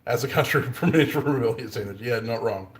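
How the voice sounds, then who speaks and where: Speaking briskly in a mid-range voice, this Australian man is a bladesmith on a live stream, full of jokes, puns and frequent laughter. He's in his workshop forge, and the room has a spacious echo.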